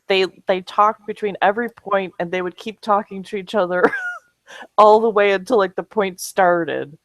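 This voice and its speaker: Podcast co-host, woman, middle pitch; chatty storyteller who laughs often. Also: sing-song, normal speed, a bit bright, no echo, rough recording. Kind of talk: casual comedic chat.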